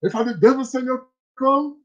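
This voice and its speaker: A host with a Jamaican accent telling funny stories in a casual live stream, animated and laughing often. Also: high voice, moderate pace, dull audio. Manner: animated, laughs often between lines, speaks Jamaican Patois.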